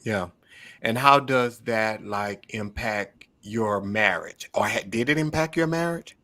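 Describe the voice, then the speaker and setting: A man's voice: fairly low pitch, takes it slowly, bright, forceful tone. A man hosting a podcast discussion, asking the guests short follow-up questions. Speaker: podcast host. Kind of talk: casual podcast interview.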